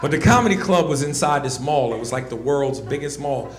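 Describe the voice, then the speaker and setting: A man doing a stand-up comedy set, loud and animated, with profane, punchy crowd address and bursts of shouted grunting noises. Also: medium pitch, brisk, heavy background noise. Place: comedy club stage. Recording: echoey club with audience ambience.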